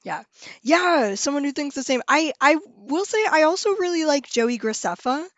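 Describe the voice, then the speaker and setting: A young woman with a slightly high voice chats with viewers on a live stream at a moderate pace. She's bubbly and excitable, trailing off and laughing as she goes. The audio is dull and lo-fi, recorded in a dry room with no echo.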